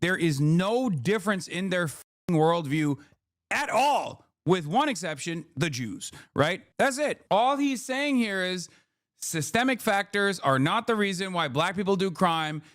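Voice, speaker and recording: A man on a live stream tears into an interview clip with sarcastic, ranting commentary. His voice sits a bit high. The sound is dry and close, with no room around it. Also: lively intonation, measured pace, a bit bright, no room sound.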